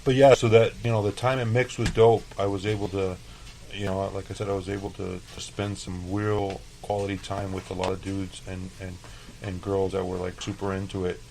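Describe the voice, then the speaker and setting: Man from el paso, very low voice, laid-back, profane, chef guest. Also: little pitch movement, normal speed, creaky, a little mellow, a little hiss or hum, poor audio. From El Paso, Texas. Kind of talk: casual interview storytelling.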